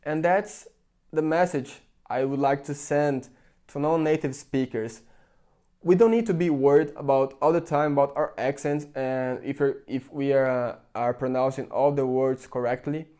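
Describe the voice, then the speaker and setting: A young Brazilian vlogger speaks English with a Brazilian Portuguese accent, giving his viewers an earnest, chatty opinion to camera full of "like" fillers. His voice is mellow and medium-pitched, at normal speed.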